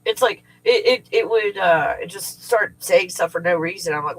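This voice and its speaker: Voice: medium pitch, normal speed, hardly any pauses, a little hiss or hum, low-quality recording. Middle-aged livestream host, rambly and foul-mouthed, chatting loose and unscripted. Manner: rambling, profane, venting with frequent swearing. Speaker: livestream host and remote viewing teacher. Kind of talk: casual livestream chat. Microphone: livestream setup.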